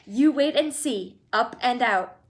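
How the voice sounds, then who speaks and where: A woman's voice: fairly high pitch, lively intonation. A woman reading aloud and voicing an exuberant, eccentric male candy-maker who gushes with theatrical enthusiasm. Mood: playful. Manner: gushing, theatrical, fast-shifting enthusiasm.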